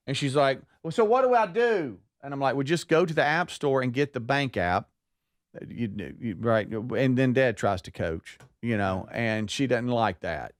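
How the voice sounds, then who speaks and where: A man's voice: medium pitch, animated, normal speed, dry recording, studio quality. A man co-hosting a talk show, telling a family story and acting out the voices of the people in it. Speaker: podcast co-host.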